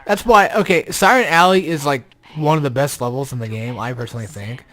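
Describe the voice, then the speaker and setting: A young man with a fairly high, slightly bright voice gives casual, rambling gameplay commentary at a brisk pace. He's sleepy and yawning, swears often, and grows exasperated, while an odd robotic glitch runs through his voice.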